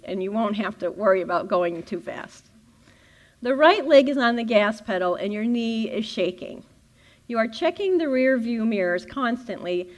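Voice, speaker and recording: Lady spiritual teacher, kinda high voice, super animated, keeps laughing and acting stuff out. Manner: animated, laughs often, dramatizes scenarios. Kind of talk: playful teaching talk with acted-out inner dialogue.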